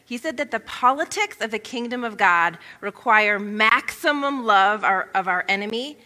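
A woman pastor preaches in a relaxed, conversational way, tossing in informal asides as she explains scripture. Her voice is bright and forward, and it carries a long reverb from a large church hall. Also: medium pitch, moderate pace, few pauses. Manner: chatty, informal asides with "like" and "you know". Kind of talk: conversational sermon.

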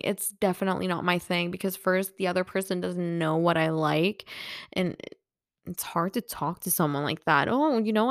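Chatty podcast woman with a smooth, creaky voice. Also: fairly low pitch, no room sound, clean studio sound. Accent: American-leaning English. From Nordic Europe. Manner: candid, chatty, laughs often, many fillers. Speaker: podcast host. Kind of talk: casual chat.

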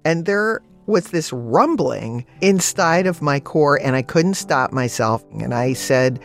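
An actress telling a personal story in a lively way, laughing as she goes. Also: deep voice, slow, few pauses, soft background music. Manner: lively storyteller, laughing through her tale. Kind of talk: personal anecdote told on a radio show.

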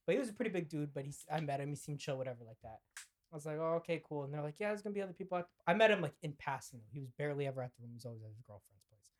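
A man's voice: fairly high pitch, expressive, rapid-fire. A young man co-hosting a podcast, telling a story casually, acting out the quoted lines, laughing and swearing as he goes. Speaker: podcast co-host.

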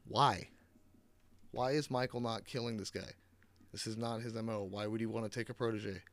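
A man's voice: fairly low pitch, fairly even intonation, moderate pace. A man giving a casual, rambling movie recap, swearing often, sarcastic and full of fillers, on a close mic. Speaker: movie reviewer.

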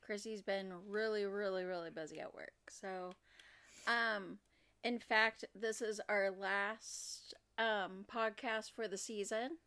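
Slow, halting woman podcaster. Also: mid-range voice, fairly even intonation, pushed and bright. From Oregon. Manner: halting, many fillers and restarts. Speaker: podcast co-host. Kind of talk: casual true-crime podcast chat.

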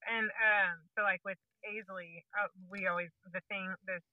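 A mother of five as a podcast guest, quick and animated, acting out her children's voices as she tells stories. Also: medium pitch, dry recording, narrow, tinny audio. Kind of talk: casual conversational interview.

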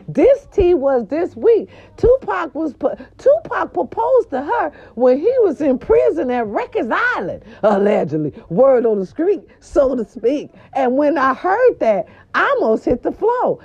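Woman, gossip host, profane, sweeping pitch swings, mellow tone, dull lo-fi recording. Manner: loud, animated, swooping and profane. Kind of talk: casual celebrity gossip monologue. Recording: dull lo-fi sound.

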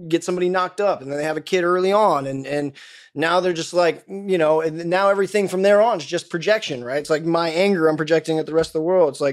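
A man's voice: a little high, quick pace. A man as a podcast guest, ranting in a heated, profane way with many restarts. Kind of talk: casual podcast conversation.

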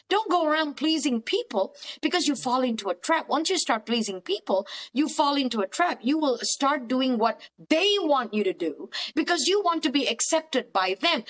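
A woman's voice: high voice, very animated, moderate pace. A middle-aged woman therapist giving emphatic, preachy faith-based counselling advice as a podcast guest.

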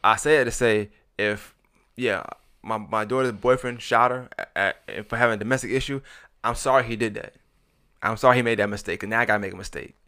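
A blunt man in his thirties talks quickly in a casual podcast chat. His voice is bright and forceful, and he restarts and repeats his phrases as he pushes his point. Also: on the low side, fairly even intonation, smooth. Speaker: podcast co-host.

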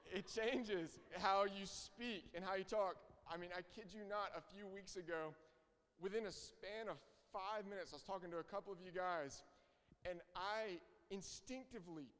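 A man's voice: sits high, a bit bright. A young man preaching a sermon, earnest and emphatic, repeating his key phrases. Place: church hall. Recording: reverberant hall.

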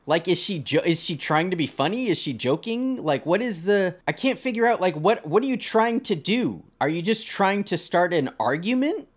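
A man's voice: high voice, normal speed, hardly any pauses. A young man co-hosting a casual podcast, reading online posts aloud and reacting with swearing and jokes. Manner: animated, swears freely, laughs and jokes about the posts. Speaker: podcast co-host.

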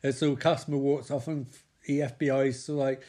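A man recapping a TV episode with sarcastic, sweary, excitable commentary. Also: mid-range voice, a little fast. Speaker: comedic TV recapper.

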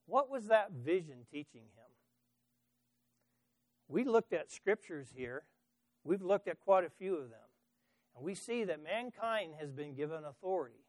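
High-voiced emphatic male preacher. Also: sing-song, measured pace, long pauses, no room sound. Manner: emphatic, storytelling, with stumbling restarts. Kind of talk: sermon.

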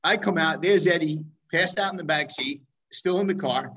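A man telling a story to a friend in casual talk, lively and checking in with rhetorical questions. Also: on the high side, moderate pace, breathy edge, highs cut off.

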